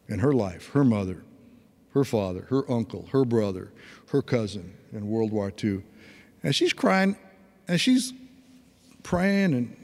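A man's voice: medium pitch, a little mellow. Earnest preacher man in a reverberant hall. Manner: conversational, earnest, with folksy asides. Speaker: pastor. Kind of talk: sermon.

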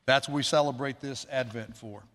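A man's voice: mid-range voice, fairly even intonation, a little fast, fairly bright tone. Chatty male pastor in a reverberant church. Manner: conversational, chatty preaching with asides to the congregation. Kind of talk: sermon. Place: church sanctuary. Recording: long hall reverb.

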